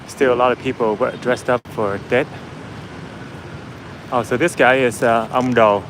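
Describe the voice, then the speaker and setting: Walking along a busy city street, a man vlogs casually, chatting with his viewers and laughing easily. His mid-range voice stays steady and measured against a noisy background.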